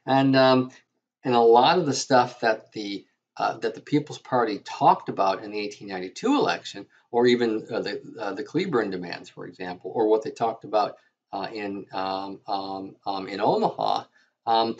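A man lectures on history in a husky voice, stumbling through frequent fillers and restarts. The recording sounds dull and lo-fi. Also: fairly low pitch, darkish tone. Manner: halting, lots of fillers and restarts. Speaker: history teacher.

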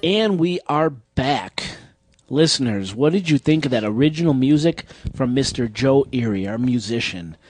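A man's voice: mid-range voice, animated, normal speed, darkish tone, faint music behind. A man hosting a podcast in a loose, joking chat, a little drunk, with a Chicago accent. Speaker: podcast host. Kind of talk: casual chat.

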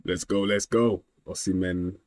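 A young man streaming a football manager game, excitable and slangy, yelling at the match and trash-talking his friend. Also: low-pitched, a little slow, no room sound. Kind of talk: casual gaming banter.

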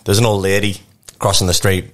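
Low-voiced man telling rambling stories. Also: little pitch movement, fairly quick. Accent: North East English. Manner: laughs a lot, rambling anecdotes. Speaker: podcast co-host. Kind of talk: casual storytelling.

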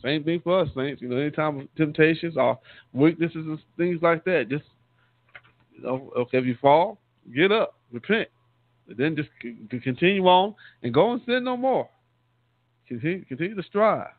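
A man's voice: fairly high pitch, lively intonation, moderate pace, dry recording. A man, a deacon, giving a conversational sermon, often repeating and restarting words and calling his listeners saints. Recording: tinny phone-line sound, dry.

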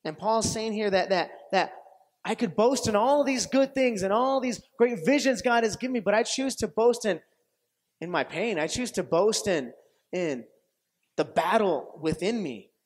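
A man preaching a sermon as pastor, telling stories with lively acted-out quotes and frequent laughter, often restarting phrases and checking with his audience. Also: high-pitched, moderate pace. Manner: animated storytelling, acts out quoted voices, laughs often; repetitive restarts, asks audience questions.

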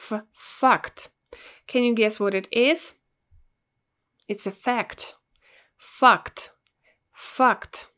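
A woman with a Russian accent teaching a language lesson, repeating words slowly and carefully for learners. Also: medium pitch, fairly bright tone.

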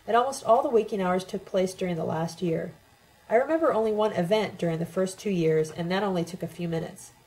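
A woman reading a novel aloud in the first person, steady and even. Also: on the low side, poor audio. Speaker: audiobook reader.

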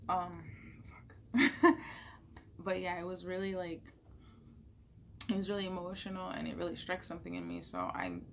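Woman book vlogger, low gravelly voice, chatty and rambling, recorded at home. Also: sing-song, fairly quick, slight background noise. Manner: chatty, emotional, lots of fillers. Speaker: book reviewer. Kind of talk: casual monthly reading wrap-up.

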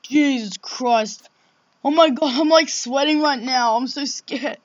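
A woman with a high voice plays a horror game and comments as she goes, a little slow, jumpy and exclaiming, swearing often and saying "oh my God" a lot, like a let's play gamer. The recording is muffled with no echo and loud background noise.

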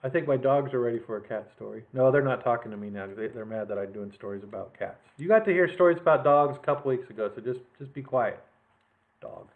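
A man hosting a children's library story time, reading picture books aloud with animated delivery and chatty asides. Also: medium pitch, fast. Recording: lo-fi phone-like sound.

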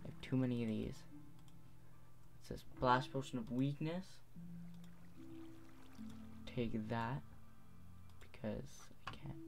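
A man's voice: medium pitch, a little slow, creaky, over music. A teenage boy giving gameplay commentary, rambling, muttering to himself and correcting his words. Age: teens. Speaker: gaming video host.

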